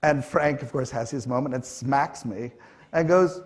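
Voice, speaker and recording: On a conference stage, a middle-aged Canadian panel guest shares stories at a slightly slow pace in a medium-pitched voice. His delivery is animated and conversational, full of fillers and acted-out quotes.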